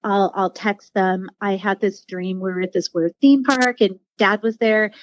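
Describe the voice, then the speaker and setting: A woman guest tells a personal story in a heartfelt, rambling way, circling back with fillers and restarts. Her voice sits at an ordinary middle pitch. The sound is dull and a bit muffled, and very dry. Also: steady tone, normal speed, no echo. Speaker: podcast guest. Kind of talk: casual storytelling interview.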